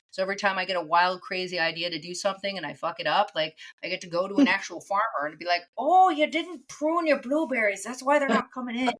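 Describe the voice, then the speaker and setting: A woman with a mixed East Coast American accent, chatting casually as a podcast co-host and rambling with frequent laughs. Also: lowish voice. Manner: rambling, animated, laughs often. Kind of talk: casual chat.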